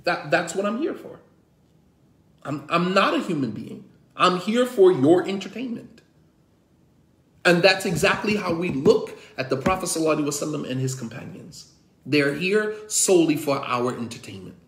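A man's voice: on the high side, lively intonation, moderate pace, fairly bright tone, reverberant. A man who is an imam, teaching a religious class in an emphatic, repetitive way with many rhetorical questions. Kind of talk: impassioned religious class lecture.

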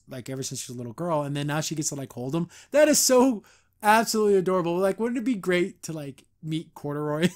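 A man hosting a podcast, giving a casual, rambling episode review full of "like"s and laughs. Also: high-pitched. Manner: animated, rambling, frequent laughs and "like". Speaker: podcast host.

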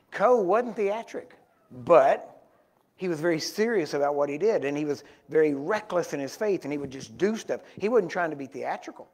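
A man preaching in a church, telling rambling anecdotes with self-corrections that grow animated, on a small wearable microphone. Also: on the high side. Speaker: guest preacher. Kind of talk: storytelling sermon.

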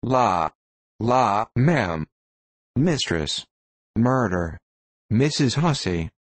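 A man's voice: mid-range voice, very animated, very slow, no room sound, full character voice. A man voicing a flustered young female chambermaid in an audiobook reading, breathless and exclamatory. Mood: alarmed.

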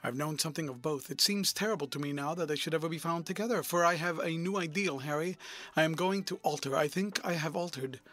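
Man doing a worried young gent, earnest and pleading, highish voice. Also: fast talker, a bit bright.

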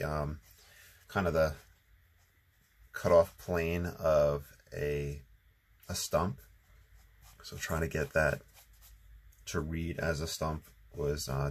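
A man hosting his own watercolor channel, talking through a painting in a relaxed, rambling way with lots of ums, still a bit sleepy. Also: very deep voice, slow, pauses often. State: sleepy, just waking up. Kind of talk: casual painting tutorial narration.

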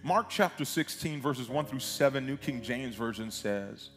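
A man preaching as a pastor, reading scripture aloud with emphatic pauses and side comments. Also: medium pitch, lively intonation, a bit bright. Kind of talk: sermon. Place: church sanctuary. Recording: long reverb of a large hall, music behind.

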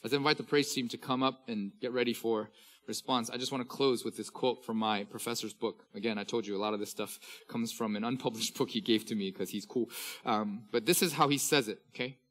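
A man in his thirties preaching a sermon as pastor, swinging from loud, declaimed scripture readings to hushed, intimate asides. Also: mid-range voice, fairly even intonation, a little fast.

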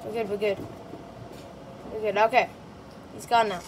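A woman hosting a horror gameplay video. She talks to the game characters in a jumpy, excitable way and rambles with many fillers. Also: mid-range voice, moderate pace, background noise. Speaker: gaming channel host. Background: loud game music.

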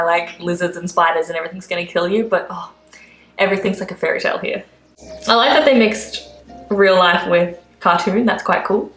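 A woman's voice: medium pitch, fairly bright tone, slight background noise. Chatty Australian woman in a roomy space. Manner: chatty and gushing, full of "like" fillers. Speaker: vlogger. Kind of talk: casual reaction commentary.

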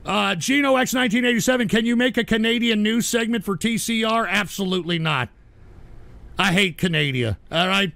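A man's voice: high-pitched, brisk, vocal fry, pushed and bright, dry recording. A man hosting a livestream show, reading viewer donations and ranting at trolls with irritable, profane outbursts. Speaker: host.

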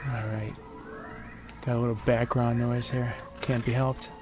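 A man's voice: medium pitch, level tone, a little slow, over music. A man giving casual, chatty commentary on his own moves as he plays a video game. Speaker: gameplay commentator.

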